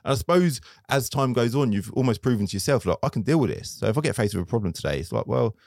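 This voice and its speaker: A man's voice: mid-range voice, expressive, fast talker, gravelly, a little mellow, no echo, clean studio sound. A man, a car dealer guest telling stories in casual interview chat, acting out his own quotes. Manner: chatty storytelling, acts out his own quotes.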